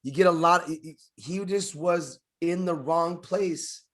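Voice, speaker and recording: Emphatic man with a higher voice. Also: fairly bright tone. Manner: emphatic, drawn-out storytelling with restarts. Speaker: podcast co-host. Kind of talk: casual podcast chat.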